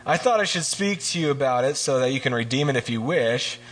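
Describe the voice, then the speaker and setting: A man giving a casual, joking sermon, retelling scripture and acting out the characters in quick voices. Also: medium pitch. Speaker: preacher.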